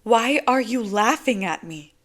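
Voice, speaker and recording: A woman's voice: lively intonation, fairly bright tone. A woman voicing a jittery, suspicious teenage girl. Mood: defensive. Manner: tense, quick, high-strung. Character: anxious intense teenage girl, suspicious and proud. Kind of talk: audiobook character voice.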